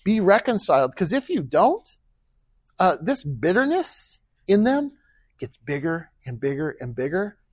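A man's voice: sits high, sing-song, a little slow, breathy edge, no echo. A man preaching a sermon as pastor, earnest and conversational, with rhetorical questions and acted-out quoted speech.

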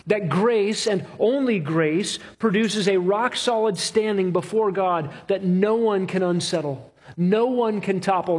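Husky high-voiced preacher, emphatic. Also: male voice. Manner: emphatic, rhythmic repetition with slow stressed phrases. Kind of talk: expository sermon.

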